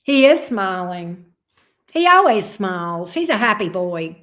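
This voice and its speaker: A woman's voice: mid-range voice, very animated, a little slow, a bit bright. A woman tarot reader, chatting casually and playfully on her livestream with frequent fond asides. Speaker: tarot reader and channel host.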